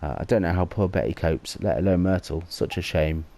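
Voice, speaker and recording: A man's voice: low voice, fairly quick, vocal fry, mellow. A man voicing a nosy, fussing old woman neighbour in a video game, gossiping on and on. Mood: gossipy.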